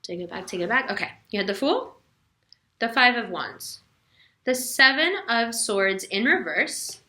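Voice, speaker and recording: A woman's voice: on the high side, animated, a little slow, pushed and bright. Tarot lady talking straight, slangy and emphatic, laughs a lot, echoey room. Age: adult with a son. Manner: laughs often while talking. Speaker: tarot reader. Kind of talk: casual tarot reading monologue.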